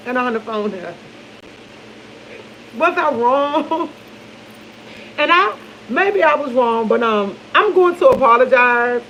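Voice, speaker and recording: A high-pitched, slightly bright-voiced vlogger chats to camera with her morning coffee, loose and laughing, calling viewers y'all and repeatedly losing her train of thought. The audio is poor, carrying a little hiss or hum.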